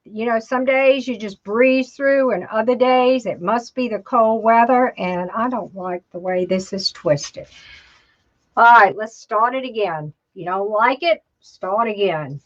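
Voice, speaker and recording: On the high side and a little slow, a woman's voice carries a casual craft tutorial she's hosting. She chats, talks to herself as she works, and says "y'all," with the whole thing recorded in dull lo-fi home video sound.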